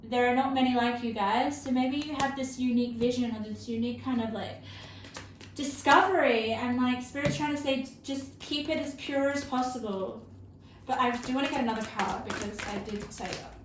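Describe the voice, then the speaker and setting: A woman giving an intuitive tarot reading to her viewers, earnest and emotional, halting often with fillers and restarts. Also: a little high. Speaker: tarot reader. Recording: roomy with faint background hiss.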